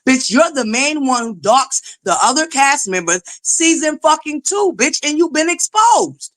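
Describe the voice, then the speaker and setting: Woman going off on a heated rant, high bright voice, cussing a lot, keeps tripping over her words. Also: sing-song, measured pace, few pauses. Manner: profane, exasperated, emphatic ranting; repetitive stammering restarts. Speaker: commentary vlogger. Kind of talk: heated reality TV commentary rant.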